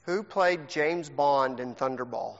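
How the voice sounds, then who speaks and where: A man's voice: medium pitch, takes it slowly. A man, a pastor teasing and joking as he runs a trivia game for a congregation in a church sanctuary. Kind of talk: playful game hosting to a congregation. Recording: long hall reverb, dull lo-fi sound.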